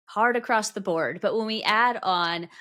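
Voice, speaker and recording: A woman's voice: medium pitch, moderate pace, bright, forceful tone. A woman hosting a podcast interview, talking thoughtfully and rephrasing her long questions as she goes. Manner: thoughtful, self-correcting, asks long questions. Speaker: podcast host. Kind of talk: casual interview chat.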